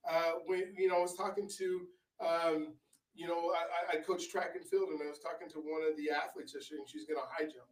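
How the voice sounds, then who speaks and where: A man with a fairly high voice tells stories as an interview guest, rambling through fillers and restarts. He sounds well back from the mic. The room around him is echoey. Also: little pitch movement, brisk. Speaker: author and guest. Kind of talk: casual interview storytelling. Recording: roomy, distant from the mic.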